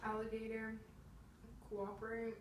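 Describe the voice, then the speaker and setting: A student, a woman, reads a word list aloud one word at a time, slow and careful. Her delivery is flat and a little high. She sounds distant, in an echoey room with faint background noise. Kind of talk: reading word lists aloud.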